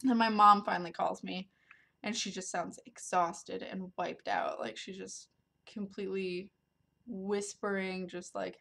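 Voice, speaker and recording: A woman's voice: mid-range voice, a little slow, vocal fry, pushed and bright. A woman vlogger telling a story to camera in a casual, rambling way, with lots of ums and likes. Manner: rambling, filler-heavy, many ums and likes.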